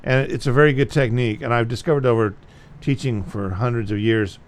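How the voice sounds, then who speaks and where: A man's voice: medium pitch, fairly even intonation, fairly quick. Blunt, repetitive male guitar teacher. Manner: blunt, repetitive, plain-spoken. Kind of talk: casual video lesson.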